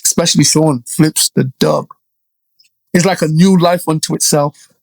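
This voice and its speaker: A middle-aged man from Jamaica, a guest DJ telling stories in a casual interview, animated and checking in often with "you know" and "right?". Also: fairly high pitch, normal speed, vocal fry, no echo.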